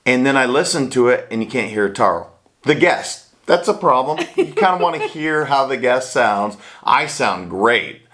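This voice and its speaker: A man's voice: medium pitch, animated, moderate pace, a bit bright. A man hosting a casual chat from a small home studio, upbeat and self-deprecating about his mistakes. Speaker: host.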